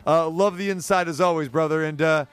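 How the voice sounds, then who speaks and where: Upbeat high-voiced sports radio host. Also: male voice, fairly even intonation, fairly quick, a bit bright, clean tone, dry recording. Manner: upbeat, chummy sign-off patter.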